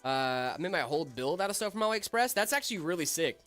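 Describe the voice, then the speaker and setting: A man's voice: on the high side, animated, fast talker, a bit bright, faint music behind. A young man co-hosting a casual live stream, joking and answering viewer chat. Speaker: stream co-host.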